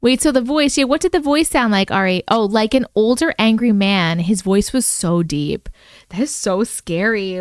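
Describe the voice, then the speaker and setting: A woman hosting a casual livestream, chatting excitedly and reacting to viewer comments as she reads and discusses their stories. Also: medium pitch, normal speed, clear, resonant tone, no room sound, studio quality.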